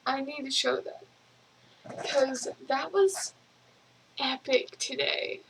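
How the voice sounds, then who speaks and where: A young woman rambling casually in a video journal, giggling often and filling pauses with ums. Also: high-pitched, gravelly, fairly bright tone, a little hiss or hum, poor audio. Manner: rambling, giggly, lots of fillers. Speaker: vlogger.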